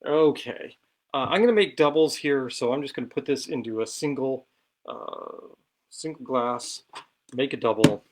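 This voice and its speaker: A man's voice: medium pitch, normal speed, slight background noise. A man hosting a casual cocktail show from his home bar, chatty and self-deprecating as he talks through each step while mixing.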